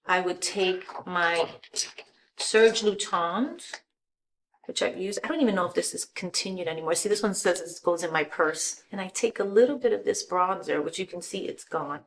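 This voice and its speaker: A middle-aged woman giving a casual makeup tutorial, chatty and relaxed, walking through each step and sometimes dropping to a soft murmur as she works. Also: on the low side, moderate pace, a little hiss or hum.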